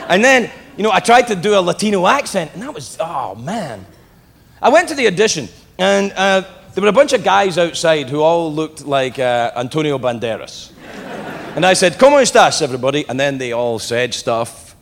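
A man's voice: on the high side, animated, moderate pace, creaky, a bit bright, a little hiss or hum. A brash, profane, self-mocking man from Britain doing a stand-up routine on a comedy club stage over a laughing crowd.

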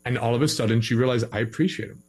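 A man giving relationship advice in a casual podcast conversation, animated and acting out both sides of an argument. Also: medium pitch, very fast.

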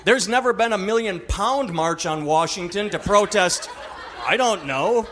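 A man performing a stand-up comedy set, mocking and animated, acting out the voices of other people. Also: high voice, unhurried.

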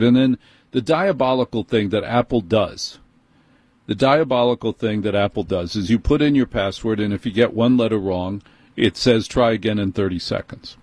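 A man's voice: fairly low pitch, darkish tone, breathy edge, no echo. A middle-aged man with a New York accent, hosting and telling a personal story in an exasperated, emphatic way.

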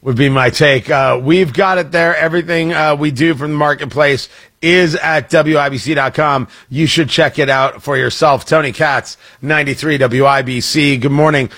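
On a studio microphone, a man hosts a casual morning radio talk show in a fairly high, fairly bright voice. His tone stays steady and his speed normal as he jokes wryly, riffing and interrupting himself.

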